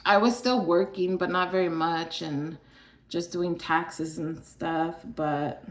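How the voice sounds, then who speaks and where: A woman's voice: lowish voice, steady tone, slow pace, echoey room. A woman from Arizona telling her own story in a casual, chatty way, full of fillers and the odd sigh. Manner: chatty, filler-heavy, sighs between thoughts. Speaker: vlogger sharing her illness story.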